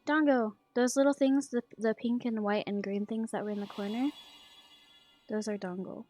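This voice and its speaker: A woman's voice: on the high side, fairly even intonation, normal speed, dark tone, soft background music. Woman chatting over a game stream. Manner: reads game dialogue aloud between offhand quips. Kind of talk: casual gameplay commentary.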